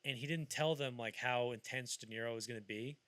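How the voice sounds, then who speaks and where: A man co-hosting a casual film podcast, rambling through anecdotes and acting out scenes in loud, high voices. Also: fairly quick, no echo. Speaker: podcast co-host.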